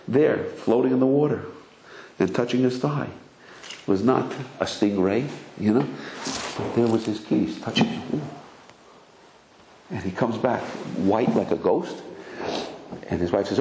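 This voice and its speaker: Animated storytelling rabbi in an echoey room. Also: male voice, a little hiss or hum. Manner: animated storyteller, acts out characters with sudden high cries. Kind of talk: storytelling Torah lecture.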